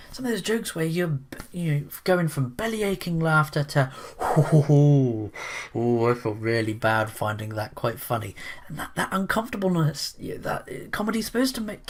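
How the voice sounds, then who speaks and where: A man giving opinionated commentary in a rambling, sarcastic way, full of restarts and asides. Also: on the high side. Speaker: commentary vlogger.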